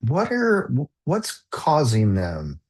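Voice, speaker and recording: A man's voice: medium pitch, huge pitch swings, takes it slowly, a little mellow. A man coaching leaders in a live talk, earnest and reflective, posing repeated questions with casual fillers and restarts.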